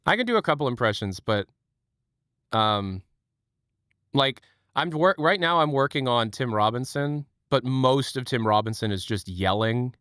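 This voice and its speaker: A man hosts a casual livestream from home, joking and swearing as he chats. His voice is smooth and sits at a middle pitch. The sound is close and dry. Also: animated, a little slow, a bit bright, no echo. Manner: chatty, joking, swears, laughs often. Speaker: livestream host. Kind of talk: casual chat.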